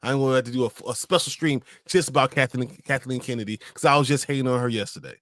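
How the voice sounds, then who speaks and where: A man's voice: medium pitch, quick pace, fairly bright tone, no echo, clean studio sound. A man co-hosting a livestream show in casual chat, laid-back and teasing.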